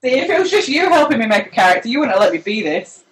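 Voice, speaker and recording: A woman player chatting playfully and excitably over a video call while making her tabletop character. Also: on the high side, racing. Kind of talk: casual chat while creating a character. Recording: echoey room, noisy video call.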